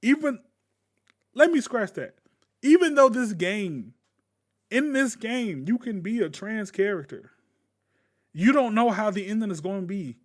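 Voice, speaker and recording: A man ranting casually to camera as a gaming YouTuber, blunt and profane, with sudden loud bursts. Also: high-pitched, expressive, a little slow, long pauses.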